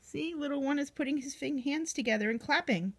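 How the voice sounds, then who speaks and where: A woman reading a picture book aloud to a young child, gently asking the child questions as she goes. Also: high voice, brisk.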